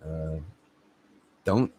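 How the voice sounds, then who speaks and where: A man's voice: extremely low pitch, drawn-out words, warm tone. A man hosting his own channel, telling a rambling comic story and laughing at his own jokes while acting out the quotes. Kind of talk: rambling comic anecdote to camera.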